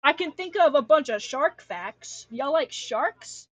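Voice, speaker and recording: Young woman streamer from Alaska, slightly high voice, rambling and slangy, dead-dry home mic. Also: lively intonation, slow, no room sound, lo-fi sound. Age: young adult. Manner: rambling, self-deprecating, slangy, swears freely. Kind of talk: casual livestream chat. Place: home room.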